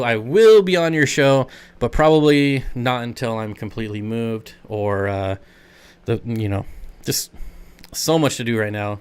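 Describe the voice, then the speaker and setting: A man talking casually on a live stream, picking up chat comments and answering them as he goes. His voice is smooth and clear, sitting at an ordinary middle pitch. He rambles a little, loose and conversational. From United States.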